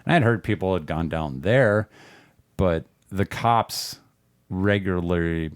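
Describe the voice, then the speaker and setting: A man's voice: low voice, unhurried, clear, resonant tone, no room sound, clean studio sound. A man, a podcast guest, telling a rambling, profane story in a casual way and laughing often.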